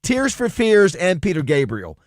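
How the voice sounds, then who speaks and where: A man hosting morning radio, telling rambling stories full of restarts and excited jumps. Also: sits high, a little slow, no echo, studio quality. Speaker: radio show host. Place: radio studio. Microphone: studio microphone.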